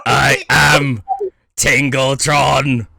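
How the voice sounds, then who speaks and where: A man voicing a pompous male robot that scores books, making slow, booming proclamations. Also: flat delivery, gravelly, sharp tone, dry recording, studio quality, heavily acted. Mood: grandiose.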